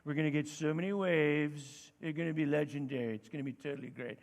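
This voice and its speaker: A man doing an impression of a former president as a slow, loose surfer type, recorded with a long hall reverb. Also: fairly high pitch, fairly even intonation, vocal fry, pitched below the performer's own voice. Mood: dreamy. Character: rambling male former president impression, laid-back surfer drawl. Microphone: belt mic.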